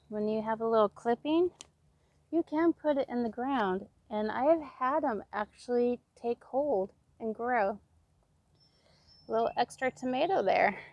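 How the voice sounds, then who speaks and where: On a dry recording with the highs cut off, a fairly high, somewhat mellow voice belongs to an Oregon home gardener in her fifties with a West Coast accent. Out planting her garden for a casual vlog, she is chatty, talks to herself and to viewers, and laughs often.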